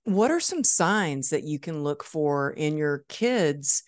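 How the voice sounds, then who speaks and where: Woman host, middle-aged, low register, gentle interviewer. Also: lively intonation, takes it slowly. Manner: gentle probing questions. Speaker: podcast host. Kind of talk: conversational interview.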